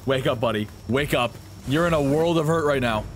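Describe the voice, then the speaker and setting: A young man giving live gameplay commentary, excitable and often yelping and swearing at enemies. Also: mid-range voice, a little fast, soft background music. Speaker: streamer.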